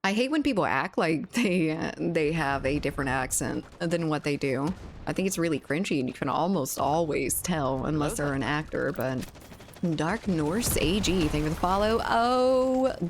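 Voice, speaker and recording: A woman's voice: deep voice, animated, normal speed, slight background noise. A woman with a Cajun accent, chatting casually and rambling while streaming a game, laughing and swearing easily. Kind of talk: casual chat while gaming.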